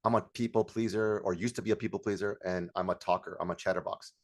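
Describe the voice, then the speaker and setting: A man's voice: low-pitched, quick pace. A middle-aged man coaching on sales, talking energetically and acting out bits of calls. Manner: energetic, acts out call dialogue, shouts hype lines. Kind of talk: sales training talk.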